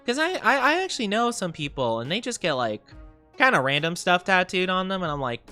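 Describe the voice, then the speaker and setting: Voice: medium pitch, very animated, fairly quick, bright, forceful tone, clean tone, faint music behind. A VTuber streamer in a casual, playful livestream chat, greeting viewers and rambling with giggles and fillers.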